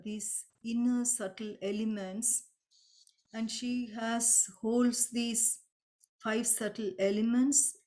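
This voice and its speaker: A woman teaching the meaning of sacred names in a gentle, explaining way, sometimes chanting mantras, over a video call. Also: mid-range voice.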